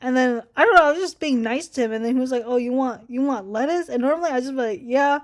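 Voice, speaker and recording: A woman's voice: high voice, fast talker. A young woman telling a casual storytime, chatty and swearing a lot, voicing people she quotes with animation. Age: young adult. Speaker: vlogger.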